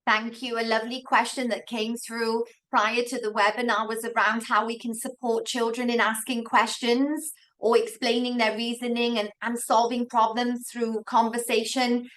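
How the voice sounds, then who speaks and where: A woman with a fairly high voice hosts a parenting webinar over a video call. She speaks in a measured, affirming way, building on the guests' points. She backs them up with small examples from everyday life. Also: level tone, fairly bright tone. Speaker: webinar moderator and school educator.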